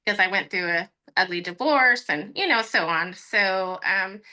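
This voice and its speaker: A woman's voice: mid-range voice, measured pace, sharp tone, poor audio. A woman chatting about her progress in a group session, rambling with fillers. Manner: chatty, rambling, laughs often. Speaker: coaching participant. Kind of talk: reflective group share.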